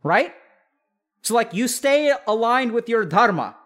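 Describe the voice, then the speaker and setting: A man with a notably high voice hosts an advice podcast in a casual, off-the-cuff monologue. He talks animatedly, leans on "like" and "right?", and keeps breaking into quick impressions of the people he describes. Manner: animated, acts out imagined family members mid-sentence; frequent fillers "like" and "right?". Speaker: podcast host giving advice.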